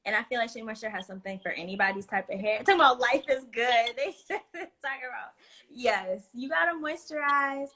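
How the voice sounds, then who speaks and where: A woman hosting a live stream chat, playful and quick to laugh. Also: a little high, sharp tone. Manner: laughs often, playful and chatty. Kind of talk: casual chat.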